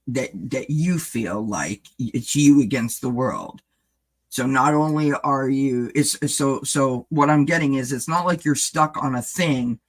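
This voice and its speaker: A man giving a casual live-stream tarot reading, chatting loosely and addressing viewers by name as he rambles and restarts thoughts. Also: mid-range voice. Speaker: tarot reader.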